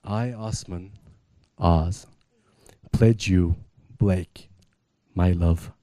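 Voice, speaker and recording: A groom speaks his wedding vows in a very dark, mellow tone. His delivery is earnest and measured, and the sound is close and dry. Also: sits low, dry recording.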